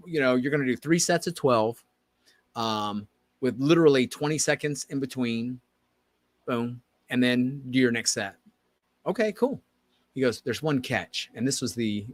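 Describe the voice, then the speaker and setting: A man co-hosting a podcast, telling a story in casual chat and acting out the quoted dialogue with lively energy. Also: medium pitch, unhurried, no echo. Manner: animated, acts out quoted dialogue. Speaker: podcast co-host.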